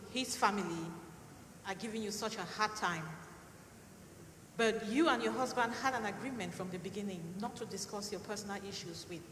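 A woman's voice: medium pitch, a bit bright, a little hiss or hum. A woman in the audience at a church meeting, hesitantly asking a question from the floor. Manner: hesitant, with fillers and restarts. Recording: echoey hall with ambience.

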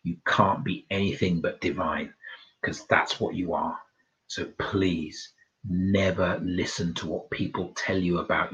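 A man giving a casual self-development talk, blunt and swearing freely, laughing at his own points. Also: low-pitched. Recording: dull lo-fi recording.

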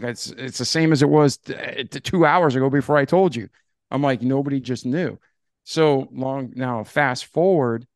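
Guest storyteller: man, mid-pitched voice, animated and casual, acts out dialogue, dry close mic. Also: clean tone, dry recording. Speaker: podcast guest.

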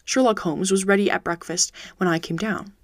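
A woman's voice: mid-range voice, steady tone, brisk, no room sound. Woman narrating a classic story, dry and close. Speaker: podcast host and reader. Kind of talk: audiobook narration.

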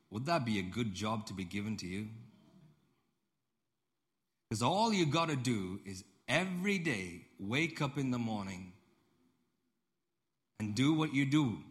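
Low-voiced storytelling pastor. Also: male voice. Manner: conversational storytelling, repeats phrases, asks the audience questions. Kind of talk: sermon.

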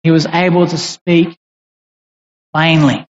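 A preacher giving a sermon in a deliberate, emphatic way, pausing and restarting as they explain. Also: mid-range voice. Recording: dull recording in a reverberant hall.

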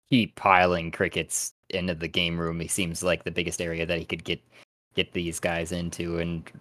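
A man's voice: deep voice, fairly bright tone, no room sound. A man narrating as game master in a hesitant, rambling way.

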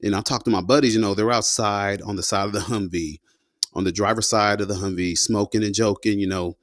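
Man, deep-ish voice, dry recording, slangy, rambling, war-story teller. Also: fairly even intonation, a little fast, no echo. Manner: loose and slangy, peppered with "you know" and "man". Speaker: combat veteran guest telling his story. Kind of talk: casual spoken storytelling.

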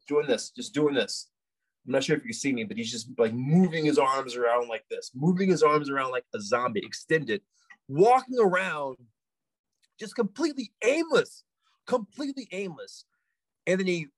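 A man telling a long story as a podcast guest, in a casual animated way, repeating himself and filling with "like". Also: on the high side, no room sound, rough recording.

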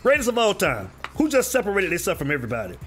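Male streamer, very high pitch, loose talkative sports chat, faint music under. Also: wildly swooping pitch, racing, a bit bright. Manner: drawling, repeats names, calls out viewers. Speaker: live stream host. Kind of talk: casual live sports talk.

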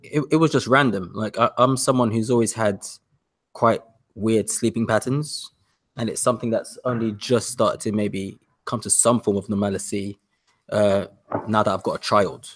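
A man from the UK tells a story on a podcast with a fairly low voice. He rambles eagerly, repeating himself as he goes. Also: steady tone, normal speed. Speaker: podcast guest. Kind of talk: casual chat.

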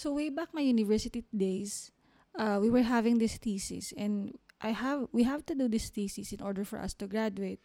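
Mellow-voiced young woman musing on a podcast. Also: a little high. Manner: thoughtful, unhurried, with small restarts. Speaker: podcast host. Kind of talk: solo reflective podcast talk.

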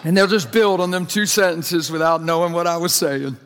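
A man's voice: a little high, normal speed, fairly bright tone. A middle-aged man preaching a sermon to a congregation, conversational and jokey, pressing the crowd with questions. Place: large church hall before a congregation. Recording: long hall reverb.

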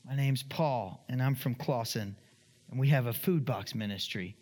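A man preaching a sermon as pastor in a church, animated and acting out the voices of the people in his story. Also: normal speed, long reverb tail. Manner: animated, acts out quoted voices, rises to high emphatic pitch.

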